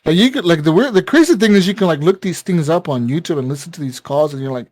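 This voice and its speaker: A man with a fairly high voice tells a story on a podcast in loose, excitable chat. He swears constantly and leans on fillers, acting out the people he quotes. The sound is close and dry. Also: quick pace, dry recording. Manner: excitable, profane, many fillers, acts out quoted callers. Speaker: podcast co-host. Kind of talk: casual chat, retelling a story.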